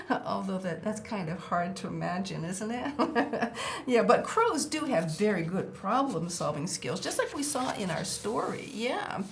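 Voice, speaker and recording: A woman's voice: mid-range voice, sing-song, unhurried, gravelly. An older woman hosting a children's show, chatting playfully with a puppet and the kids and reading them a storybook. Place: indoor TV set.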